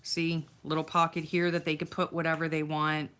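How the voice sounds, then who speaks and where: A woman's voice: low voice, completely flat delivery, normal speed, a bit bright. Chatty woman live-streaming a craft session. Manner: chatty, reads viewer comments aloud, thanks viewers by name; many fillers and restarts, easily distracted. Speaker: crafting livestream host. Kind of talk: casual live-stream chat.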